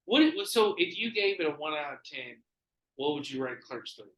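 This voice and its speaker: A man hosting a podcast, telling stories in casual chat, animated and full of swearing. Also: on the high side, brisk, echoey room, low-quality recording. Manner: animated, profane storytelling. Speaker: podcast host.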